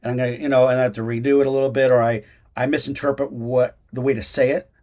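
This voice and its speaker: A man, an actor and acting teacher, giving casual interview answers over a video call, talking in an animated way with many restarts and fillers. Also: mid-range voice, quick pace.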